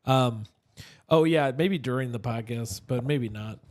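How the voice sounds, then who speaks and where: A man with a mid-pitched voice co-hosting a comedy podcast from a studio. He throws out deadpan, sarcastic quips and laughs easily at the banter. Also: measured pace, slight background noise. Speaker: podcast co-host.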